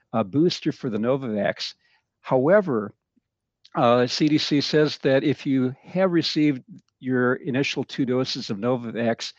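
A man's voice: medium pitch, dry recording. Careful male doctor on a muffled line. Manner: careful, explanatory, hesitant fillers. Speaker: physician guest. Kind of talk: radio interview answers.

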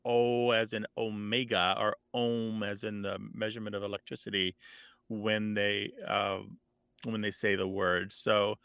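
A man explaining word origins as a guest expert, thoughtful and steady. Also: fairly low pitch, unhurried, clear, resonant tone, no room sound. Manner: thoughtful, with fillers and restarts. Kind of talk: conversational explaining.

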